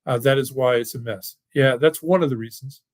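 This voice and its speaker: A mid-range male voice, fairly quick and free of room sound, belongs to a financial firm owner. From a home or office setting, he hosts a casual online workshop webinar, taking live questions and rambling on in a folksy, enthusiastic way.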